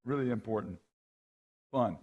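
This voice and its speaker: A man's voice: on the low side, a little slow, lo-fi sound. A middle-aged man, a rowing coach, giving a conversational storytelling talk at a men's conference and often checking in with "right?" and "okay?". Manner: lively, acts out the people in his anecdotes. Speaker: guest speaker and rowing coach.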